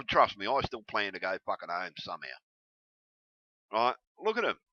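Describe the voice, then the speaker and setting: A man ranting heatedly to camera, swearing constantly and breaking into yelled bursts. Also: fairly low pitch, big pitch swings, moderate pace. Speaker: video blogger. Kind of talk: angry profane rant to camera. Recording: dull lo-fi recording.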